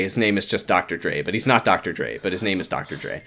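A young man with a lowish voice chatting casually on a podcast. He rambles and stops to restart his sentences, circling around a story. His tone is loose and unscripted. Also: animated, brisk, sharp tone. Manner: rambling, self-interrupting storyteller. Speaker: podcast co-host. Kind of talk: casual chat.

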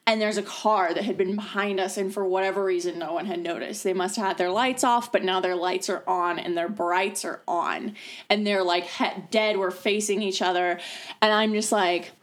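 A woman's voice: mid-range voice, fairly even intonation, normal speed. Young woman storyteller from the Midwest, casual and chatty, with fillers and swearing. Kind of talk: casual storytelling among friends.

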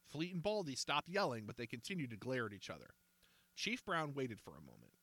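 A man reads a children's storybook aloud with an animated, lively pitch and a bright tone. The recording is dry and close. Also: fairly quick, no echo. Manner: expressive, animated.

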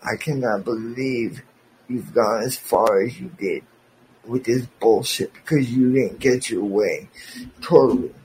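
A man's voice: mid-range voice, a little slow, darkish tone, slight background noise, poor audio. A man hosting a podcast, delivering an angry, profane, sarcastic rant aimed at a former friend.

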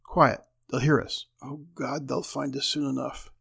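A man's voice: medium pitch, flat delivery, a little slow, vocal fry, fairly bright tone, slightly rough, heavily acted. A man voicing a nervous housewife who turns frantic and pleads in breathless bursts. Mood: desperate.

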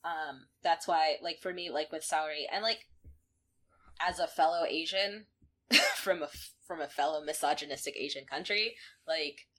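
A woman co-hosting a podcast, recapping episodes in casual chat, animated and quick to laugh. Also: low-pitched. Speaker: podcast co-host.

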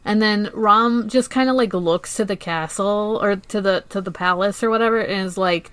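A woman's voice: medium pitch, normal speed, hardly any pauses, a bit bright, clean tone. A woman co-hosting a podcast in casual chat, rambling with lots of filler words and swearing. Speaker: podcast co-host.

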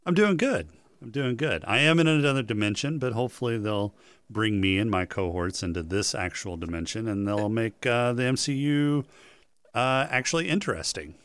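A man's voice: mid-range voice, normal speed, clear, resonant tone, dry recording. A man co-hosting a casual podcast, telling a story by stringing the listener along with questions. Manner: animated, builds up stories with questions. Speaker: podcast co-host. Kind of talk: casual chat.

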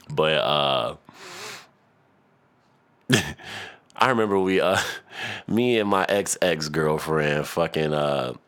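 A man's voice: a bass voice, expressive, very slow, long pauses, a bit bright. A young man hosting a solo podcast, rambling and cursing, breaking into off-key rap impressions and laughing at himself. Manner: profane, rambling, mimics rappers for laughs. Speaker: podcast host.

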